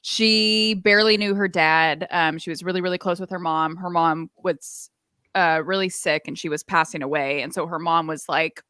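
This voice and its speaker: A woman's voice: lowish voice, steady tone, normal speed, bright, forceful tone, smooth, no echo, clean studio sound. A woman podcast guest telling a story in an enthusiastic, chatty way. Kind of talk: casual chat, storytelling.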